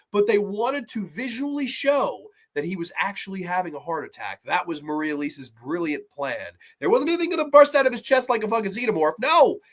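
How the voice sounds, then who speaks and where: A man reviewing horror films in a casual, profane and rambling way, often breaking into animated rants. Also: sits high.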